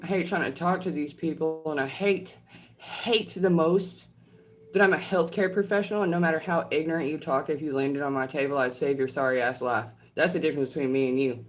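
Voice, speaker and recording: A woman with a low, heavy voice delivers a fiery, swearing rant straight to camera. She is blunt and confrontational, and she repeats her phrases for emphasis, with a faint hiss of noise underneath. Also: fairly quick. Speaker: online creator and healthcare professional. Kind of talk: heated monologue answering trolls.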